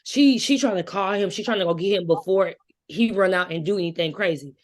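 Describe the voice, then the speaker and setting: A woman guest in a casual book discussion, talking emphatically and quick to object. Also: on the low side. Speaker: guest co-reader.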